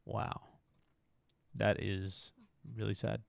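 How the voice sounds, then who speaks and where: A man's voice: fairly low pitch, flat delivery, very slow, creaky, no room sound. Chatty male game streamer. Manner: chatty, self-deprecating, bursts into shouts. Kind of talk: live stream commentary.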